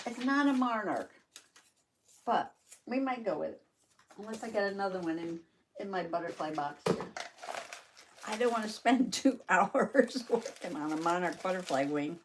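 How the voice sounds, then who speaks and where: Female craft vlog host, casual and giggly, addresses her viewers by name, average pitch, light background hiss. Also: expressive, normal speed, pauses often. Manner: chatty, laughs often, talks to viewers by name. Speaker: journaling channel host. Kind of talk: casual live crafting chat.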